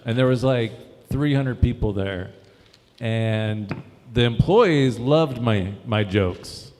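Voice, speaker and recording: A man's voice: mid-range voice, darkish tone. A man, a comedian, chatting casually and playfully telling a story to fellow comics. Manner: quick, playful, tells stories loosely. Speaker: comedian, discussion host. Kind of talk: casual group chat. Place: brewery event space. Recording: echoey hall with long reverb.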